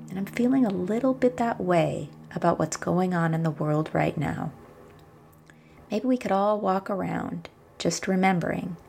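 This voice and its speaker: A woman podcast host speaking gently and encouragingly, reflecting and telling a fable, sometimes dropping to a whisper. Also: lowish voice, normal speed, creaky, a little hiss or hum. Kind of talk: reflective monologue with storytelling. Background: background music.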